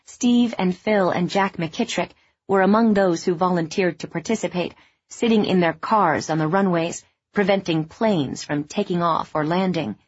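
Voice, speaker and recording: Audiobook narrator: a woman with a low, husky voice; dry, slightly dull recording. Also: dry recording. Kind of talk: scripted narration. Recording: dull, dry studio sound.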